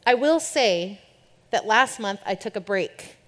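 A woman's voice: medium pitch, lively intonation, a little slow, fairly bright tone. Chatty woman worship leader in a reverberant hall. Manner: chatty and candid, shifts into playful quoted voices. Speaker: worship leader speaking to a group. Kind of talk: informal talk to a church group. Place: church or event hall with an audience.

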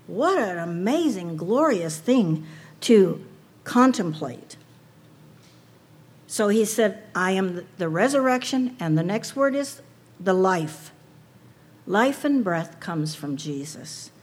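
A woman's voice: mid-range voice, expressive, takes it slowly, breathy edge. A woman preaching a sermon to a women's audience, earnest and personal, asking rhetorical questions.

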